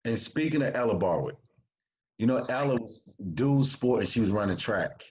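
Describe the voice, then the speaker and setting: A man, a coach hosting an interview show, talking in a relaxed, rambling way with many fillers. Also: medium pitch, normal speed. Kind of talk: casual interview chat. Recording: dull lo-fi sound.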